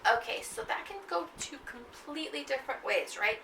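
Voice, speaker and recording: A woman's voice: high-pitched, animated, moderate pace, gravelly, few pauses. A woman from Texas teaching a poetry class in a conversational way, often checking in with "okay?" and "right?". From Texas, USA. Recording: echoey room, distant mic, noisy.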